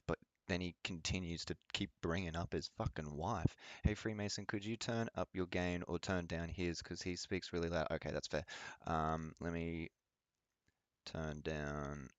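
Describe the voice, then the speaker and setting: A man's voice: low-pitched, no echo, muffled recording. A man hosting a live stream and reacting to a clip, talking in sarcastic, slightly slurred, mumbled asides. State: slurring a little. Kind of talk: casual live-stream commentary.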